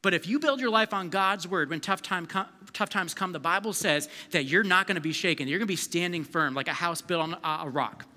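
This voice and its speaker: Bright high-voiced pastor in a hall. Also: male voice, fairly quick, hardly any pauses. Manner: energetic, conversational, calls on the crowd to respond. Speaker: youth pastor. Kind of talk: live sermon. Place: church service hall. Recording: long reverb of a large hall.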